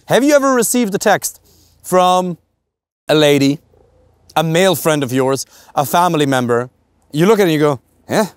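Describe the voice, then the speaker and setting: In a dry, smooth recording, a German-accented man gives a direct-to-camera dating talk that's blunt, emphatic, and heavy on rhetorical questions. His high-leaning voice is animated, at normal speed, broken by long pauses.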